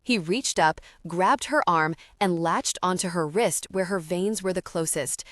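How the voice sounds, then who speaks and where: A woman reads fantasy narration in a steady, even manner. Her voice sits on the low side, and the close studio recording is dry with no room echo. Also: a little slow. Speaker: audiobook narrator. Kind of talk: scripted narration.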